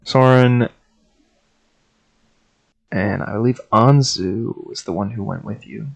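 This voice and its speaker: A man with a low, gravelly voice runs a tabletop game in a relaxed way, laughing often. He calls for rolls and describes scenes in a loose, chatty manner. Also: takes it slowly, highs cut off. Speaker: game master.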